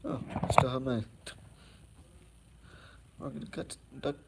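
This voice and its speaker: A young man rambles through a casual live stream from his home, drifting between topics with plenty of fillers and loose asides. His voice sits at an ordinary middle pitch, and he sounds easygoing as he moves about the room. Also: steady tone, slow, creaky, long pauses, a little hiss or hum, poor audio. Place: at home, walking around.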